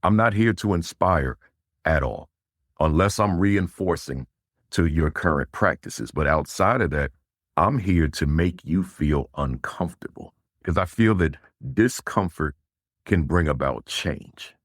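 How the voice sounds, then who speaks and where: A middle-aged man speaking as an interview guest and school leadership speaker, emphatic and rising in pitch on key words. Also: animated, a little slow, dry recording, studio quality. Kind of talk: interview answers.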